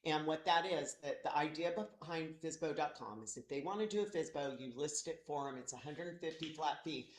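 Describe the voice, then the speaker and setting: A man leading a real estate office meeting in a loose, halting way, with many restarts. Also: a little high. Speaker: brokerage meeting leader. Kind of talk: casual office meeting talk. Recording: echoey meeting room.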